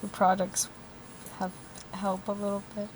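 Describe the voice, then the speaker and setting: A woman's voice: mid-range voice, completely flat delivery, unhurried. Young woman yapping on a podcast from a car, loose chatty talk, bit of hiss behind. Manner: chatty, loose, swears casually, trails off into fillers. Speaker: podcast co-host. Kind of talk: casual chat. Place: inside a parked car.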